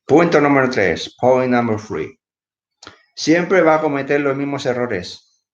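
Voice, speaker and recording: A man's voice: mid-range voice, expressive, normal speed. A man, a bit sleepy, giving a casual English lesson and switching between English and to explain words. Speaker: English teacher. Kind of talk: casual live video lesson. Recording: echoey room, dull lo-fi sound.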